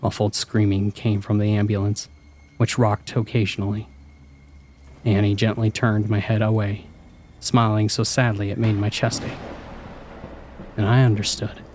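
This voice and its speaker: A man with a low voice narrating a scripted horror story. He reads in a measured, hushed way and paces the tension. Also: flat delivery, a little hiss or hum.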